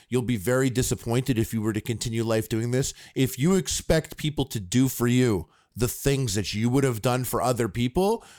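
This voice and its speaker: A man's voice: mid-range voice, darkish tone, no room sound, clean studio sound. A man co-hosting a podcast, rambling in casual chat with lots of fillers and swearing. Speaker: podcast co-host.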